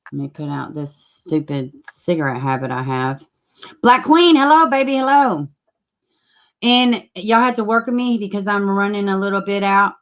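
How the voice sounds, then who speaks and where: A chatty woman with a lilt, hosting a casual live stream from her desk mic. She greets viewers by name and swears freely. Her voice sits at an ordinary middle pitch. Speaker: livestream host.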